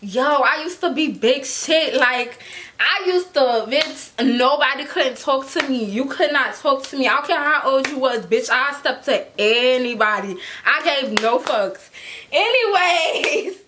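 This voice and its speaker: Lively bright-voiced young woman telling a story. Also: sits high, unhurried, background noise. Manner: animated, slangy, laughs often, acts out quotes. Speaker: storytime vlogger. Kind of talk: casual storytelling.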